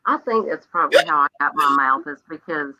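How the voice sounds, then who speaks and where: A woman chatting casually as a guest, an animated storyteller who acts out the voices of her family. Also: low-pitched, fairly quick, no echo, low-quality recording. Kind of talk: casual chat.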